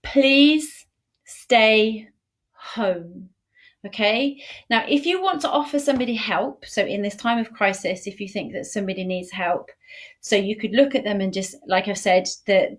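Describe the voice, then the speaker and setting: During a live-streamed beginner sign language class, a woman's mid-range, slightly bright voice encourages her viewers. Key phrases get repeated in a slow, firm way.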